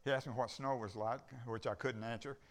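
Steady in tone and brisk, an older man with a mid-range voice preaches as a guest at a church service. His folksy sermon testimony unfolds as a rambling story, complete with acted-out dialogue.

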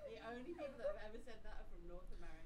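A woman's voice: mid-range voice, steady tone, racing, crowd noise. A woman from southwest England in an audience, giving dry, blunt answers back to a comedian. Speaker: audience member, charity project manager. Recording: noisy live comedy venue.

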